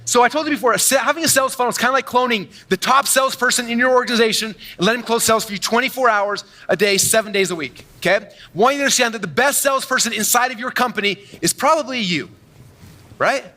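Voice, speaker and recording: A man giving an energetic, boastful keynote talk on stage to a large audience, telling stories with quick asides. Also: extremely high pitch. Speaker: conference speaker. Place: large event hall on stage.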